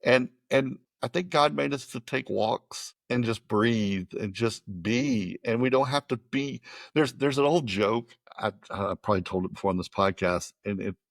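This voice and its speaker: An American podcast host chats and rambles casually in a gravelly, medium-pitched voice at a moderate pace, with hardly any pauses. He often repeats words as he starts a sentence, and the recording is dry.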